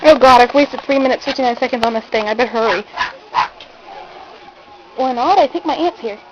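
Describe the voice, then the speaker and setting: A woman's voice: on the high side, fairly quick, muffled recording, noisy background. A young woman vlogging on her own camera, nervous and giggly, hesitating and stammering as she talks herself up. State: shaky from not eating. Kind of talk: casual self-recorded vlog.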